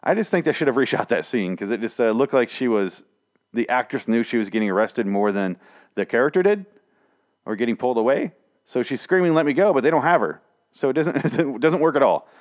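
A man's voice: medium pitch, expressive, fairly quick. A man casually recapping a TV episode, swearing and sarcastic, rambling with lots of restarts. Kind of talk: casual spoken recap and review.

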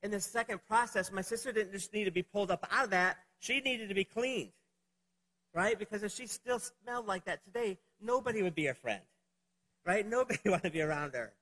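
A man's voice: high voice, fairly quick, pushed and bright, long reverb tail, low-quality recording. A middle-aged man preaching a sermon, opening with a childhood story, in a conversational, rambling way with many fillers. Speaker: pastor.

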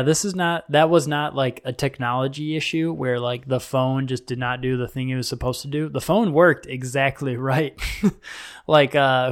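A man co-hosting a podcast in casual tech chat, telling loose anecdotes peppered with "like". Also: mid-range voice. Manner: loose, chatty anecdotes full of "like". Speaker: podcast co-host.

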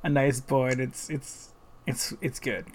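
A man's voice: medium pitch, little pitch movement, measured pace. A man co-hosting a podcast, chatting in a laid-back way with chuckling asides. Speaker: podcast co-host. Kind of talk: casual chat.

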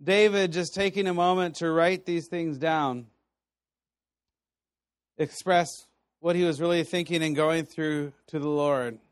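A man with a fairly high voice preaches in a relaxed, conversational way, telling stories with plenty of animation. The sound is dry and close, with no room echo. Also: unhurried, long pauses, smooth. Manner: conversational, animated storytelling with laughs. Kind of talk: sermon teaching.

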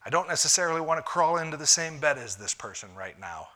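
Male pastor, conversational sermon delivery, bright forceful tone, drops to hushed asides. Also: fairly high pitch, lively intonation, quick pace. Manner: conversational, shifting between punchy lines and hushed asides. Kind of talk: sermon on marriage.

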